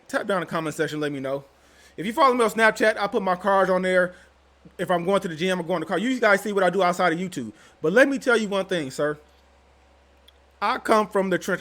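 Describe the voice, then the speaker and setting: A man's voice: high voice, fairly bright tone. A young man hosting his own channel, talking straight to his viewers in a slangy, rambling, casual way. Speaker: channel host. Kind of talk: casual vlog commentary.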